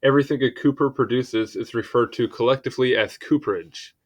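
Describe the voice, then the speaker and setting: A man's voice: medium pitch, fairly quick. A young man casually reading an encyclopedia article aloud, stumbling over foreign words and adding apologetic asides.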